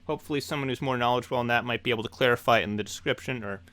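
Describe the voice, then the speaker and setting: A young man hosting a hobby news show, talking in an excited, enthusiastic way. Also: medium pitch, rapid-fire, dry recording.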